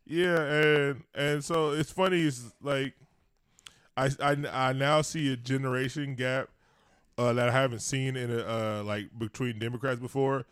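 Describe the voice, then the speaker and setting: A man's voice: mid-range voice, steady tone, measured pace, fairly bright tone, smooth, dry recording, studio quality. A man co-hosting a casual chat show, talking loosely with lots of slang and frequent laughter. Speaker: podcast co-host.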